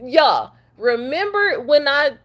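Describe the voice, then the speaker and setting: A woman's voice: high-pitched, big pitch swings, takes it slowly, a bit bright. A young woman from Detroit, a truck driver, venting bluntly to camera after crying, cussing and repeating herself. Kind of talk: emotional rant to camera.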